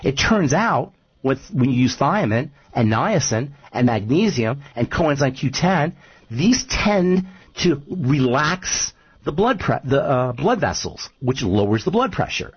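A man's voice: mid-range voice, very animated, a little slow, breathy edge, dull audio. A man speaking as a nutrition expert guest on a radio talk show, emphatic and repeating his points, often telling stories.

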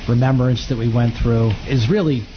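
Man, official in a taped interview, measured, earnest, clear background hiss, dull sound. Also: medium pitch.

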